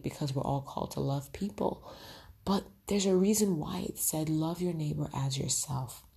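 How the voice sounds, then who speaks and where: A woman's voice: a bass voice, gravelly, mellow, slightly rough. A woman hosting a podcast, giving earnest motivational advice on love and speaking straight to her listeners, often checking in with "right?". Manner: earnest, addresses listeners directly with frequent "right?". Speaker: podcast host.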